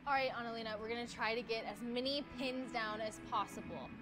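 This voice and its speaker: A woman running a playful quick-fire interview, cheerful and quick to laugh. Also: a little high, fairly even intonation, over music.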